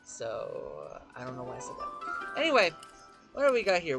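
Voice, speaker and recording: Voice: mid-range voice, huge pitch swings, normal speed, creaky, music in the background. A gaming channel host giving goofy, jokey let's-play commentary, breaking off to sing to themself. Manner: goofy, jokey, sings to self.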